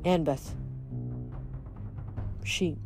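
A woman reading aloud, voicing a bitter, withdrawn teenage boy with a quiet, clipped, resentful delivery. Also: very slow, soft background music. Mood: defiant.

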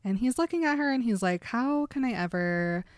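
Another woman on the book-recap podcast has a fairly high pitch and lively intonation, speaking at a moderate pace. In a dry recording, she chats casually, retelling scenes through quoted lines and laughing a lot.

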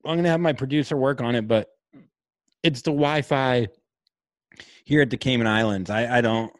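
Joking casual podcast host, dry sound. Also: male voice, medium pitch, normal speed, dry recording. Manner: crude, joking, slips into mock voices. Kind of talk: casual chat over a video call. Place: remote location on weak Wi-Fi.

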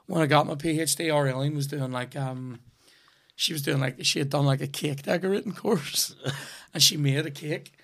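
Sweary Northern Irish man, mid-pitched. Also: steady tone, normal speed, vocal fry, a bit bright. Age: 30s. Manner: rambling, sweary storytelling. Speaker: podcast host. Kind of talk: casual chat.

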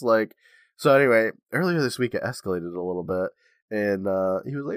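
A man's voice: fairly low pitch, expressive, brisk, dry recording, studio quality. A man co-hosting a casual podcast, getting over a cold, laughing a lot and swearing freely as he tells stories. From United States. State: recovering from a cold. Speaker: podcast co-host. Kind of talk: casual chat.

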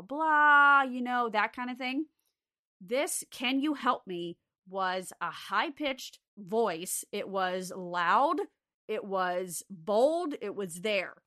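A young adult woman telling a story from her days as a care aide, relaxed and unhurried, with lots of "like" fillers. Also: mid-range voice. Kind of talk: casual spoken ghost story.

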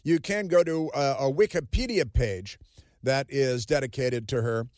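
A man's voice: mid-range voice, unhurried, a little mellow, dry recording, studio quality. A man hosting a political talk radio show, sarcastic and combative. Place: radio studio. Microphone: studio microphone.

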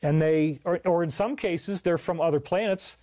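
A man's voice: fairly high pitch, moderate pace, a little mellow, no echo. A man hosting a livestream, rambling earnestly and reading viewer comments aloud. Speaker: livestream host.

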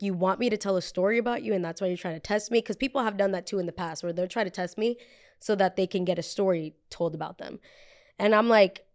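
A woman in her twenties hosting a podcast, telling a story casually and acting out what others said in raised voices. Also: medium pitch. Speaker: podcast host.

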